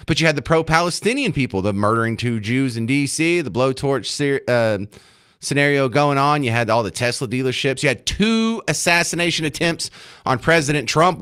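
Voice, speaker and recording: A man's voice: mid-range voice, fairly bright tone. Sarcastic combative talk radio host man. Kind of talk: opinionated talk radio monologue. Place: radio studio.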